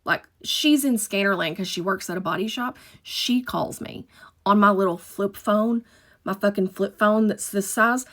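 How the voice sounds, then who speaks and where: Bright-voiced woman telling a wild story. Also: medium pitch, normal speed. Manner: profane, emphatic, dramatic retelling. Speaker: storyteller, former dispatcher. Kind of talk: casual storytime monologue.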